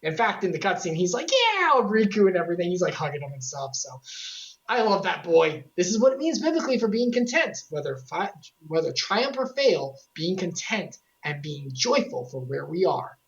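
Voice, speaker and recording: A woman streamer recapping a video game series in casual commentary, excitable and joking, with quick asides to her chat. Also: lowish voice, highs cut off.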